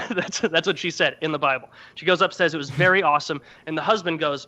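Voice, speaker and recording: A man's voice: on the high side, animated, quick pace, pushed and bright, muffled recording. A man hosting a podcast, retelling an old story as crude comedy and acting out its characters in mocking voices. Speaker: podcast host.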